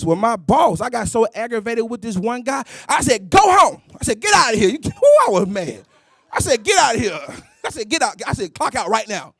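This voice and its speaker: A man's voice: very high-pitched, dry recording, studio quality. A middle-aged man preaching a sermon, emphatic and sing-song, calling out exclamations.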